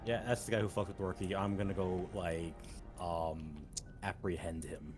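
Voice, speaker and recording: A man's voice: deep voice, fairly even intonation, normal speed, a little mellow, faint music behind. A man playing in a casual tabletop game, blunt and brash, often laughing. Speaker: player.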